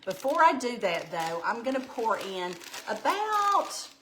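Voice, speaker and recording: A woman's voice: fairly high pitch, big pitch swings, measured pace, fairly bright tone, slight background noise, low-quality recording. A woman with a Southern US accent hosting a live cooking stream from her home kitchen, folksy and chatty, greeting viewers and reading their comments aloud, sounding tired. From Alabama. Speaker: cooking show host.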